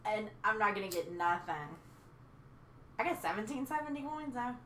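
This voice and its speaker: Brief: theatrical woman moaning over bad luck in a game, bright sharp tone, echoey room. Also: mid-range voice, expressive, normal speed. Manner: dramatic, playfully complaining. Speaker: co-host. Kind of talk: casual gaming banter. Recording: roomy echo, faint noise.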